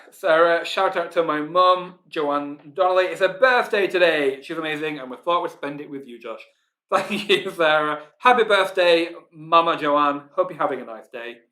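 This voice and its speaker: A chatty Yorkshireman hosts a live online quiz, reading out the players' team names and chuckling along the way. His voice sits a touch high for a man and has a bright, forceful ring to it. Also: moderate pace. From Yorkshire, England. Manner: chatty, reads out team names, laughs often. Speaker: quiz host.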